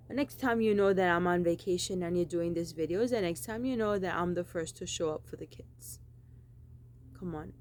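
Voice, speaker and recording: A woman with a low, gravelly voice that rasps into fry as she talks. She rambles through an insistent monologue, circling back to the same phrases with emphasis. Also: warm tone, a little hiss or hum. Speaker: vlogger.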